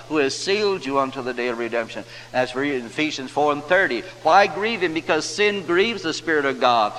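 A man preaching a sermon, quoting scripture and slowing down for emphasis. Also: fairly high pitch, expressive, fairly bright tone. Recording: reverberant hall, faint hum.

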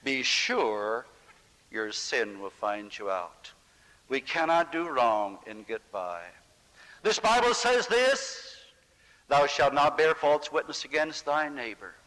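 A man preaching a sermon with impassioned, dramatic swings in pitch and loudness, acting out scripture voices. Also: expressive, slow pace. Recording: long hall reverb.

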